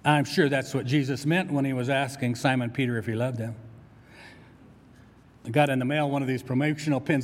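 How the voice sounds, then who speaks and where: Animated male pastor in an echoing church. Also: mid-range voice, normal speed. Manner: animated storytelling with playful asides to the congregation. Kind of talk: sermon. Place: church sanctuary. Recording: long reverb from a church hall.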